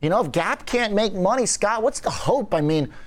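Animated man hosting a market panel. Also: high-pitched, normal speed. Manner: questioning, animated, many fillers. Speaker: host. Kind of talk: financial news panel discussion.

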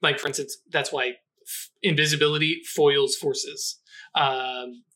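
A man's voice: fairly high pitch, fairly even intonation, a little slow, sharp tone. A man running a tabletop game as game master, explaining rules with many fillers and restarts.

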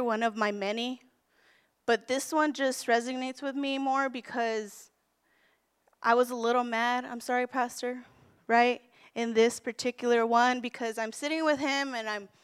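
A woman minister preaching a sermon, counting off numbered points and then candidly telling a personal story with gentle self-deprecation. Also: on the high side, steady tone, moderate pace, clean tone. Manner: earnest, counts off numbered points, quotes scripture.

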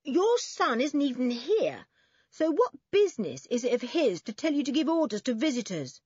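A woman's voice: on the high side, sing-song, normal speed, slightly rough, no room sound, highs cut off, pitched above the performer's own voice, exaggerated voice. A woman voicing a bold, chatty farm boy in a storybook reading.

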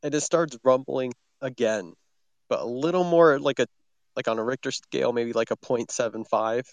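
A man's voice: mid-range voice, moderate pace, no echo, highs cut off. A man acting as narrator of an improvised story game, setting scenes loosely with lots of filler words.

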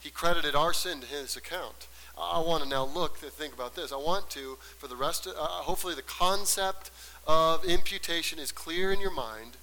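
A man preaching a sermon. He moves between hushed, quiet passages and loud, emphatic ones, and slows down to stress key words. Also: on the high side. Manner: slows down and stresses words when building to a point. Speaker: pastor. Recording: long hall reverb.

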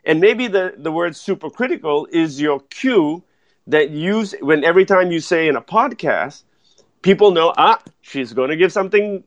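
A man giving animated speaking advice as a guest in a podcast interview, full of "right?" tag questions. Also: a little high, normal speed, no echo. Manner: energetic, keeps asking "right?" and tacking on "though". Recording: dull lo-fi dry sound.

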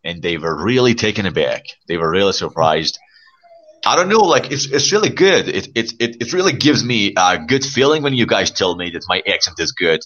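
A young man from Iran hosting a casual live stream chat, friendly and relaxed, calling his guest pal. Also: lowish voice, brisk, highs cut off. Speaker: livestream host.

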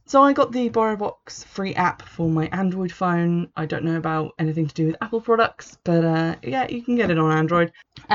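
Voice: medium pitch, gravelly, lo-fi sound. A host giving a chatty, rambling book review with a wry, offhand manner.

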